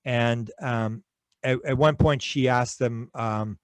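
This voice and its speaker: A man's voice: medium pitch, slow pace, dry recording. A man being interviewed, telling stories in a rambling way with many restarts. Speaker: interview guest. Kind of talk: conversational interview.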